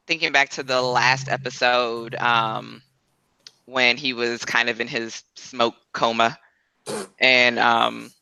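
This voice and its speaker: A man's voice: mid-range voice, gravelly, pushed and bright, clean tone, no room sound, dull audio. A man co-hosting a podcast, telling what happened in an episode in a loose, slangy way full of fillers. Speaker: podcast co-host. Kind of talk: casual show recap chat.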